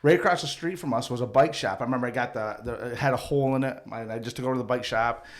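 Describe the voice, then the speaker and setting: A man's voice: medium pitch, rapid-fire. Man telling a rambling comic story. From Akwesasne Mohawk community. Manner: rambling, profane, jokey anecdotes with acted-out quotes. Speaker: podcast co-host and storyteller. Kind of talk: casual storytelling chat.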